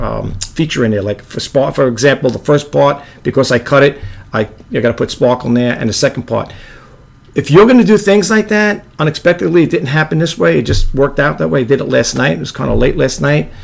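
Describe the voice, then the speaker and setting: A man with a low monotone voice, hosting a casual video editing tutorial and rambling with apologetic asides. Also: vocal fry. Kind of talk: casual screen-recorded tutorial.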